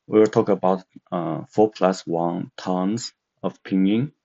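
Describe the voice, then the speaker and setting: A man's voice: low-pitched, fairly even intonation, slow pace, creaky, dark tone. A man teaching an online language lesson, speaking with many hesitant filler sounds. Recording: dull lo-fi sound.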